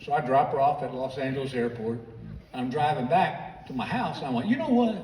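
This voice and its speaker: A man's voice: medium pitch, a little fast, a little hiss or hum. An American man doing stand-up, telling long stories and acting out the people in them. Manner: animated, acts out the people in his stories. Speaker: stand-up comedian. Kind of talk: stand-up storytelling. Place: large theater stage. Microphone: stage PA, filmed from the audience. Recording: distant, echoey theater recording with crowd laughter.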